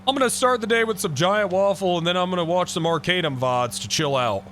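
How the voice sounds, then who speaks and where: A man streaming live, chatting casually with an excitable, profane manner and mock-outraged outbursts. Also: sits high, fairly quick, slight background noise.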